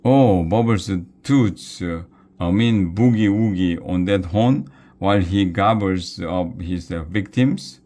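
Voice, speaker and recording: A man's voice: low-pitched, takes it slowly, warm tone. A man reading a storybook aloud, voicing a boastful, bumbling male knight teacher with a jovial manner. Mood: eager.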